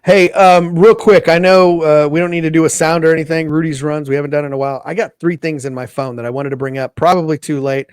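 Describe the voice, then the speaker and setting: Brief: male podcaster, eager interjector, higher voice, dry room. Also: fairly even intonation, smooth, no echo. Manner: eager, jumps in with quick topics. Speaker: podcast co-host. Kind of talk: casual sports chat.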